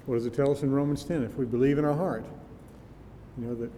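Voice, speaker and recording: A man's voice: steady tone, fast talker, warm tone. An older man preaching a sermon in a conversational, musing way, sometimes laughing. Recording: reverberant hall with faint rumble.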